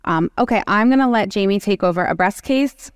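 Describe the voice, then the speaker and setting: Animated woman moderating a clinical panel. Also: mid-range voice, brisk, smooth, dry recording, clean studio sound. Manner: animated, acts out patient exchanges. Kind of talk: continuing-education panel discussion.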